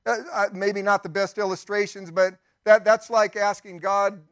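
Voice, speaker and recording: High-voiced older male pastor preaching. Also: little pitch movement, a bit bright, dry recording. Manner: conversational preaching with asides and quick acted-out quotes. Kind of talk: sermon. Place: church.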